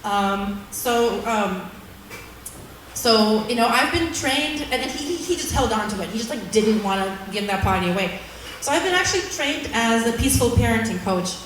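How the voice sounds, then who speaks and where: A woman's voice: fairly high pitch, animated, normal speed, a little hiss or hum. Chatty woman comic in an echoey room. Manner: chatty, filler-heavy, self-mocking, bursts into loud quoted outbursts. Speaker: stand-up comic. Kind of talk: stand-up storytelling. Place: open mic venue. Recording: echoey room, mic heard from far off.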